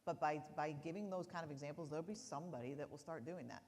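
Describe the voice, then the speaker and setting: A woman's voice: low voice, fast talker, darkish tone, slight background noise. A woman on a discussion panel telling a personal story in a chatty way, often repeating words. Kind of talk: casual storytelling. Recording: reverberant hall.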